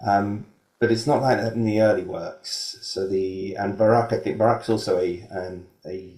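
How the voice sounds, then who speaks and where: A string quartet performer answering a question in a panel discussion, measured and hesitant. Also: male voice, fairly low pitch, steady tone, darkish tone. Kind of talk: academic discussion. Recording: echoey room.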